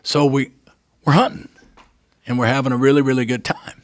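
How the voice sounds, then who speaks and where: A man's voice: mid-range voice, a little fast, no echo, clean studio sound. An older man, a guest on a talk show, tells a personal story with feeling, acting out what people said and often checking in with "right?". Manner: animated narrator, acts out quoted dialogue, keeps asking "right?".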